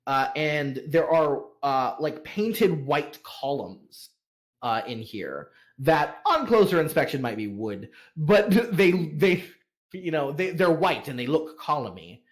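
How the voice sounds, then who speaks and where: A man narrates as game master of a tabletop game in a slightly high voice. He talks slowly, halting and filling his scene descriptions with many pauses. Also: very animated. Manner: halting, full of fillers and slowed descriptions.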